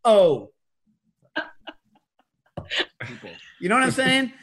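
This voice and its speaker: A middle-aged man hosting a podcast, telling stories in a casual, animated way and breaking into loud shouted impressions. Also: fairly high pitch, fairly quick. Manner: animated storytelling, mimics loud New York shouts. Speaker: podcast host. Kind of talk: casual chat.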